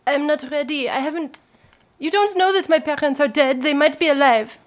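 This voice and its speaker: A woman's voice: high voice, moderate pace, lightly acted. A woman playing a stubborn young noble heir who talks in a stiff, formal way.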